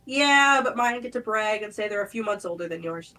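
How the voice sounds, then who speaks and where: A woman's voice: medium pitch, animated, brisk, sharp tone. A woman playing a tabletop role-playing game, teasing and matter-of-fact in character. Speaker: player.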